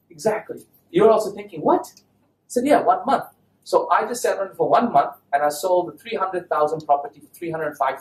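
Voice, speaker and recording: A man giving a lively talk to an audience, often asking the listeners questions. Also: fairly high pitch. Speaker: Islamic speaker giving a talk. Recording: echoey hall, mic at a distance.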